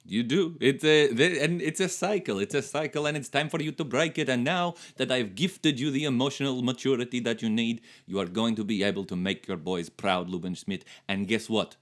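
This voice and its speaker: A man's voice: mid-range voice, fairly quick, few pauses, close to an everyday voice. A man playing a grandiose vampire count who wants to eat children, in improvised comedy role-play. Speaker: podcast co-host.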